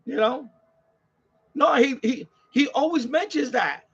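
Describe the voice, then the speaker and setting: Speaking a little slowly in a very high, husky, slightly bright voice, a New York-accented man rants and rambles through casual live-stream chat, swearing heavily and repeating himself. The recording has a somewhat dull, lo-fi quality.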